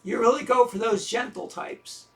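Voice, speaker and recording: A man's voice: extremely high pitch, normal speed. An actor in an audio drama playing a self-deprecating man who talks with dry, wry sarcasm. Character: self-deprecating sarcastic middle-aged man, troubled lover.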